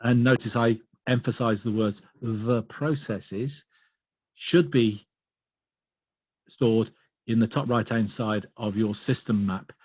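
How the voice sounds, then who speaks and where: A man presenting a business webinar, explaining points in a measured way and listing them one by one. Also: on the low side, breathy edge, dry recording. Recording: dull lo-fi online call audio.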